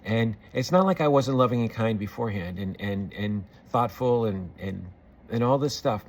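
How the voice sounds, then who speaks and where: A man's voice: on the low side, moderate pace. A middle-aged man talking earnestly and reflectively to camera, rambling with many fillers and restarts. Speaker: vlogger. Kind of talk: personal reflective monologue.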